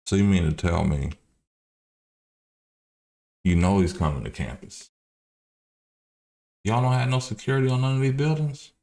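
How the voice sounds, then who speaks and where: A man's voice: lowish voice, normal speed, vocal fry, long pauses, mellow. A man hosting a livestream, giving loose, profane political commentary with many restarts. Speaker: livestream host.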